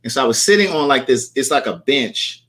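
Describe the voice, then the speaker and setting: A man's voice: mid-range voice, animated, fairly quick, sharp tone. A young man hosting a casual live chat, telling a story and acting out the lines people said. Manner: chatty storyteller, acts out quoted lines. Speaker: host.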